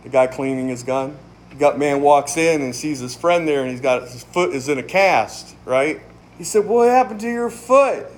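A man's voice: medium pitch, fairly even intonation, normal speed. A man, a pastor, giving a casual, emphatic sermon in conversational language, laughing often. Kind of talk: casual sermon, Bible study.

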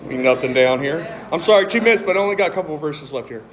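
A man's voice: a little high, racing, slight background noise. A man preaching a sermon, reading scripture aloud with emphasis and cracking jokes between verses. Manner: animated, joking, reads scripture aloud with emphasis.

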